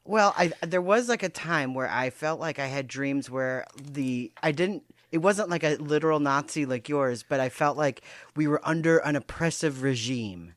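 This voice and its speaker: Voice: medium pitch, moderate pace, no room sound. A podcast co-host who chats casually, chiming in with agreements and self-mocking jokes.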